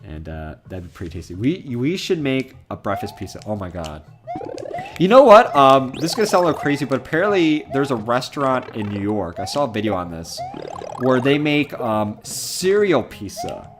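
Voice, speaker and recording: A man's voice: medium pitch, big pitch swings, moderate pace, over music. Chatty young man streaming a game. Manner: chatty, rambling, laughs often, reads comments aloud. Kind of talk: casual live-stream chat, reading chat.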